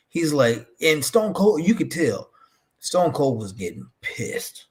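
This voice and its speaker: A man's voice: fairly high pitch, takes it slowly, breathy edge. A man on a wrestling talk show, telling backstage stories in casual chat and acting out what others said. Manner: animated storyteller who acts out quoted voices.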